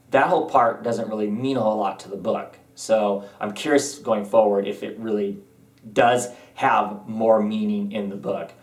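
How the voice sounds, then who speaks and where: A man with a lowish voice talks loosely, filling gaps with hesitations and circling back on his own sentences. He sits a little back from the microphone, so his voice carries some distance. The room around him rings with echo. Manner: rambling, hesitant with many ums and restarts. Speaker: comic book reviewer. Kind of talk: casual spoken review.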